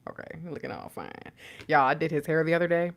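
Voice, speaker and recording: A woman reads tarot cards in a casual, chatty way. Her pitch swings widely as she talks, and she slips into slangy, joking asides and frequent laughter. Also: big pitch swings, fast, creaky. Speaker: tarot reader.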